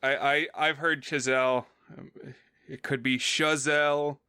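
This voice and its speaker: A man chats casually as co-host of a film podcast, his voice bright and smooth. The sound is dry and close. He tends to ramble, circling back with fillers and small self-corrections. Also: medium pitch, steady tone, normal speed, dry recording. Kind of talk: casual chat.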